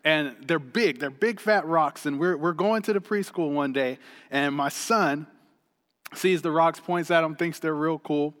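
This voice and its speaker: A man in his thirties preaching a sermon, energetic and chatty, telling a family story with laughs. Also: fairly high pitch, measured pace, big-room sound. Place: church hall stage.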